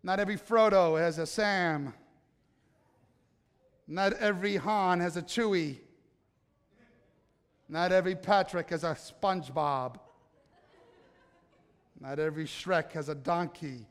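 High-voiced preaching man in a hall. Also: takes it slowly, pauses often, clear, resonant tone. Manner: animated preaching, shifts from loud excitement to soft hush. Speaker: pastor. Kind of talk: sermon. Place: church sanctuary.

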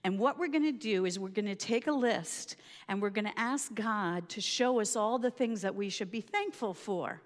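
A woman's voice: medium pitch, normal speed, few pauses, lightly acted. Brief: blunt, insistent woman friend without arms, as a storyteller quotes her, hall reverb. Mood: earnest. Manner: insistent, matter-of-fact.

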